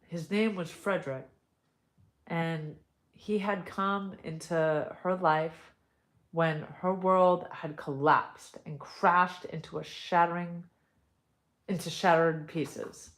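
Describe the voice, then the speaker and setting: A woman's voice: lowish voice, takes it slowly, long pauses, fairly bright tone. A woman reading a family story aloud in a casual storytime, breaking off into chatty asides.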